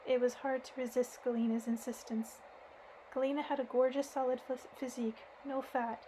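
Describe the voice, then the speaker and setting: A woman's voice: high voice, a little mellow, slight background noise, low-quality recording. A woman reading a book aloud in an informal way, often stopping to correct herself. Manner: reads with frequent self-corrections. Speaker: audiobook reader. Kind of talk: informal audiobook narration.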